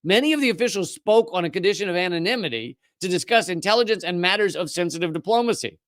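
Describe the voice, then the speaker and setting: A man's voice: animated, quick pace, a bit bright, dry recording. Sarcastic male political commentator, dry sound. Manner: mocking, mimics opponents in whiny high voices.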